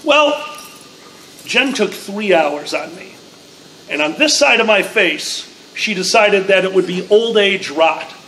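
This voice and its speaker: A man co-hosting a live podcast, telling a story with lively acted-out quotes. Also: high voice, slow pace, a little hiss or hum, low-quality recording. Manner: animated storyteller, acts out quotes. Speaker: podcast co-host. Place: large convention room before a live audience.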